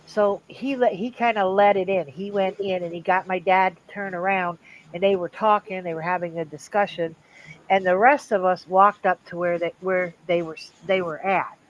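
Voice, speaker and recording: An older woman hosting a livestream, telling a family story in a casual, animated way and acting out the voices of the people in it. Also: fairly low pitch, moderate pace, muffled recording, slight background noise. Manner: animated, acts out quoted voices. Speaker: livestream host.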